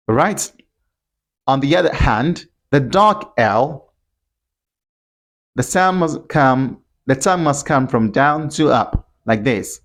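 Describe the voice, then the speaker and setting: Guy teaching pronunciation super slowly, repeats sounds over and over, keeps asking right?. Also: medium pitch, expressive. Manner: drills sounds by repeating them, stretching and exaggerating; checks in with "right?". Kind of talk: slow, deliberate pronunciation lesson.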